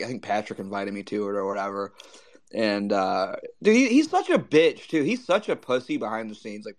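A man co-hosting a casual podcast chat, heated and mocking, swearing often and filling gaps with "like". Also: medium pitch. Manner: profane, heated and mocking, with many fillers.

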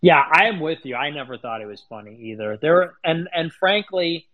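Rambling, animated man with a higher voice. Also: moderate pace, phone-quality sound. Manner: rambling, crude and animated, with many fillers. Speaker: online commentator. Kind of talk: casual podcast chat.

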